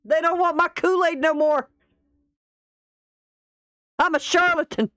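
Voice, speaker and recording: A woman's voice: very high voice, fairly even intonation, a little slow, fairly bright tone, dry recording, voice pushed up. A woman voicing a mocking impression of a panicking man who whines that he has been exposed as a fraud. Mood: mocking panic.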